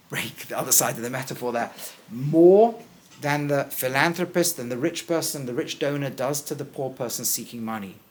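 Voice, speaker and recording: A middle-aged man teaching as a rabbi, acting out the lines of the people in the verses with big rises, then dropping low and quiet for key points. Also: slight background noise. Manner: acts out the characters' lines with big pitch swings. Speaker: rabbi teaching a text class. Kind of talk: animated Bible lesson.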